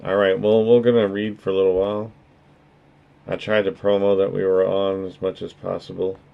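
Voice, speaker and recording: Guy streamer rambling on, kinda low voice, earnest, swears a lot, just chatting into a desk mic. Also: level tone, normal speed, gravelly, phone-quality sound. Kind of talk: casual livestream chat.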